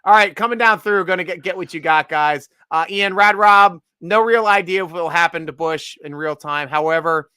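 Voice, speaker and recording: Bright-voiced joking man hosting a stream. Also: sits high, moderate pace, few pauses, clear, resonant tone, dry recording, studio quality. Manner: joking, excitable, laughs a lot. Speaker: live stream host. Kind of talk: casual live draft stream chat.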